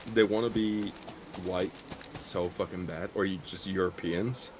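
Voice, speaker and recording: A man's voice: sits low, fairly even intonation, a little slow, background noise. A man in casual stream chat, ranting bluntly and profanely with many restarts.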